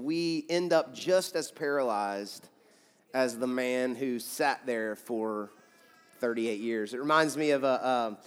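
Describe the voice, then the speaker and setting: A man's voice: mid-range voice, smooth. A young man preaching a sermon in a conversational, storytelling way, acting out quotes. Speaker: pastor. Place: large church sanctuary. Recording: hall reverb from church sanctuary.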